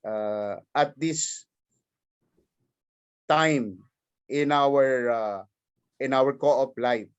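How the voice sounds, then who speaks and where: A man's voice: medium pitch, extremely slow, long pauses, clean tone, lo-fi sound. A man from the Philippines with a Filipino accent, giving an emphatic formal speech at a virtual forum and repeating his key points. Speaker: cooperative leader giving remarks.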